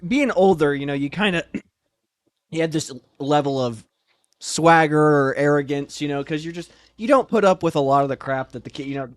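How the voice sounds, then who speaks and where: A man's voice: on the high side, moderate pace, no room sound, clean studio sound. Wry, self-assured man telling stories. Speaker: officer candidate. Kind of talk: casual storytelling in an interview.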